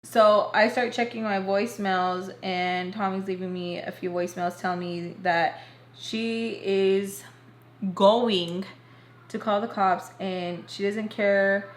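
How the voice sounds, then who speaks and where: Young woman, mid-pitched, casual storytime vlogger; chatty and rambling, recorded in an echoey room. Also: fairly even intonation, slow. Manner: chatty, fills talk with "like", talks to viewers as "y'all". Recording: roomy echo, faint background hiss.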